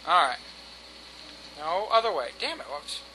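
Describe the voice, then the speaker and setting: A man's voice: on the high side, big pitch swings, measured pace, pushed and bright, slight background noise, poor audio. A man giving casual let's-play commentary, exasperated and swearing at the game and at himself. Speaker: gameplay commentator.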